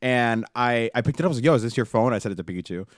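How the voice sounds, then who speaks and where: A man's voice: medium pitch, racing, dry recording, studio quality. A young man recounting a night out in casual chat, rambling and restarting, with plenty of swearing. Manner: rambling, restarts often, profane.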